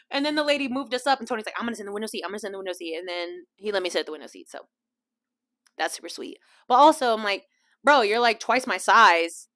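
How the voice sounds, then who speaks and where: A young woman hosts her own podcast and tells funny trip stories in a loose, chatty way. Her voice sits a little high and sounds bright and forward, and she laughs easily while acting out what other people said. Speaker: podcast host. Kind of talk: casual storytelling chat.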